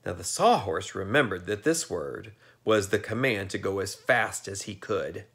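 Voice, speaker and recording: A man reading a children's storybook aloud in a lively, expressive way. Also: deep voice, normal speed, gravelly. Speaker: narrator.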